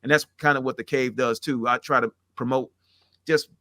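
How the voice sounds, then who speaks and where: A man's voice: medium pitch, fairly even intonation, normal speed, pushed and bright, no echo, studio quality. A middle-aged man talking candidly and at length, rambling and acting out the conversations he recounts. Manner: rambling, earnest, acts out quoted exchanges. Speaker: podcast guest.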